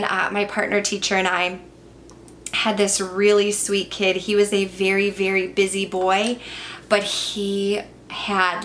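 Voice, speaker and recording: A woman's voice: mid-range voice, fairly bright tone, a little hiss or hum. A young adult woman chatting through a makeup Q&A, telling stories with lots of fillers. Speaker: beauty vlogger and former teacher. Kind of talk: chatty get-ready-with-me Q&A.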